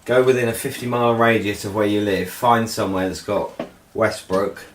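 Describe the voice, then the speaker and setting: A man's voice: lowish voice, fairly even intonation, normal speed. A man hosting a casual beer-tasting podcast, joking playfully between sips. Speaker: podcast host. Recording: roomy, distant mic, faint noise.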